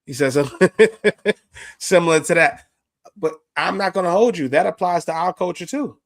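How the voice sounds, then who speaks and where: A man hosting a casual interview podcast, talking in heavy slang and giving quick shout-outs. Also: fairly high pitch. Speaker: podcast host.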